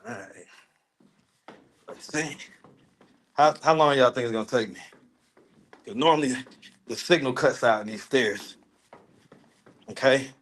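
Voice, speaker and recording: A man's voice: mid-range voice, measured pace, long pauses, a bit bright. A man chatting casually with viewers on a phone livestream, indoors in his apartment. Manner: chatty, addresses viewers directly, easygoing.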